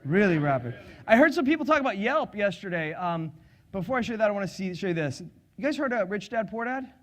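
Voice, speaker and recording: This middle-aged man, a trainer in sales and public speaking, has a notably high voice and talks fast as he presents a sales seminar live. He keeps things lively and playful, joking around and putting questions to the listeners.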